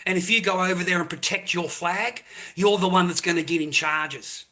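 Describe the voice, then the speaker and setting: Angry Australian man ranting, bright voice. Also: sits high, fairly even intonation, moderate pace. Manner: angry, profane, repetitive ranting. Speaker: live streamer. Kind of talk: ranting live stream monologue.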